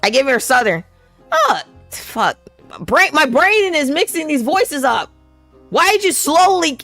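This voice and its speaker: A woman's voice: high-pitched, very animated, a little slow, creaky, a bit bright, no room sound, faint music behind. A woman streamer chatting casually and self-mockingly between voiced game lines. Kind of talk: casual commentary while voicing a game.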